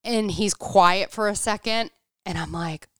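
A woman's voice: medium pitch, unhurried, clear, resonant tone, no room sound, clean studio sound. A woman in her thirties in casual chat, telling a story animatedly, acting out quotes and saying "like" a lot.

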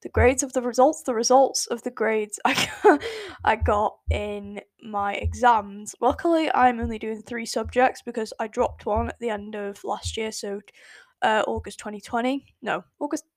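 A young English woman of eighteen with an English accent talks through a casual solo podcast episode. Her voice sits a little high, and she rambles, corrects herself and fills pauses with ums and likes. The sound is close and dry, with no room around it. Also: no echo. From England. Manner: rambling, chatty, self-correcting with frequent fillers. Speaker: podcast host.

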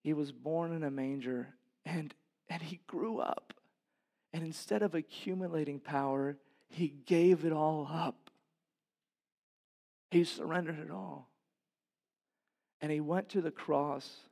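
A man with a somewhat high voice delivers a sermon from the pulpit of a church. He preaches with passion, climbing to loud, emphatic peaks before sinking into quiet, low passages. He keeps the congregation with him through rhetorical questions. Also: fairly even intonation, takes it slowly, creaky, pauses often. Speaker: pastor.

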